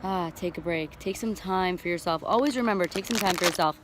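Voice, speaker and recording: Working on a front door, fixing it up and painting it, this renovation vlogger keeps up a talkative, upbeat stream of chat to the camera. She speaks briskly in a lowish voice, with a little hiss or hum in the recording.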